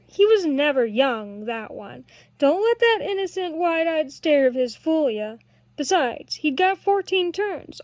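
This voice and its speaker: A woman reading a storybook voices a lively young woman harper who argues in an eager, earnest way. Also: high voice, dry recording.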